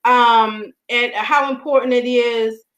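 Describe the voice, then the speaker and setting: A woman's voice: a little high, steady tone, slow pace, muffled recording. A woman hosting an interview over a video call, affirming her guest and talking with a few hesitant fillers. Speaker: host. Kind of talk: casual interview conversation.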